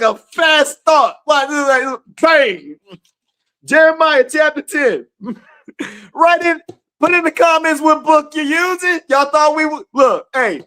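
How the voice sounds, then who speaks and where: A woman leading a casual livestream Bible study, animated and laughing, talking to viewers as y'all. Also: high voice. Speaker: scripture study teacher.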